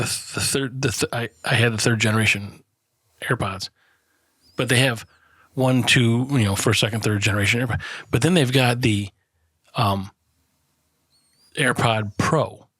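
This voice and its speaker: A man's voice: medium pitch, moderate pace, a bit bright, slightly rough, no room sound. A man co-hosting a casual podcast, swearing a lot, laughing often and rambling through stories. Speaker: podcast co-host. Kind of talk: casual banter.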